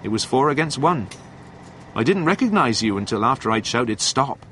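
Man playing calm young lorry driver, measured, slightly raised voice, lively intonation. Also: medium pitch, a little hiss or hum.

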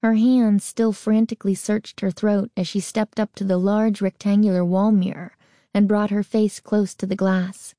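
A woman narrating a children's horror novel in a measured, deliberate reading. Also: medium pitch, level tone, dark tone, no echo, clean studio sound. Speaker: audiobook narrator. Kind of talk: scripted narration.

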